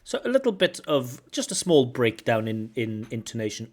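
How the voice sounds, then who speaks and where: A man giving commentary as a speaking examiner, explaining errors and slowly modelling the correct pronunciation of words. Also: medium pitch, sing-song. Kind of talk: exam feedback commentary.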